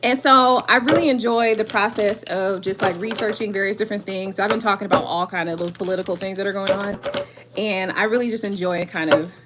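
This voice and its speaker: A woman's voice: mid-range voice, fairly even intonation, a little fast, very noisy. A middle-aged woman reading tarot on a live stream, chatting casually in slang and laughing often.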